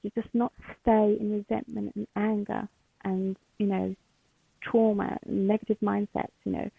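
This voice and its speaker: A woman guest speaking candidly and emotionally, halting often with fillers. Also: mid-range voice, flat delivery, vocal fry, slightly rough, no room sound. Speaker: podcast guest. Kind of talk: candid interview. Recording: tinny phone-like line.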